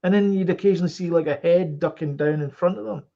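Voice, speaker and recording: A fast-talking Scottish podcast co-host has a higher-leaning voice that is both gravelly and mellow. His casual chat wanders, with many fillers and restarts, captured in dull, lo-fi sound.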